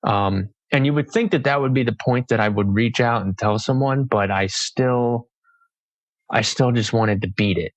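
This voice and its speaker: A man's voice: mid-range voice, normal speed, dry recording. A young man, a guest author in a podcast interview, speaking hesitantly with many restarts. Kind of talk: casual interview chat.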